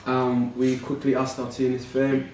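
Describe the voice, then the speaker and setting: A man chatting over a meal in a relaxed, hesitant way, pausing on ums as he searches for words. He sits back from the mic in an echoey room, with a faint hiss behind him. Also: medium pitch, distant mic. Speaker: vlog co-host. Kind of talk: casual mukbang chat.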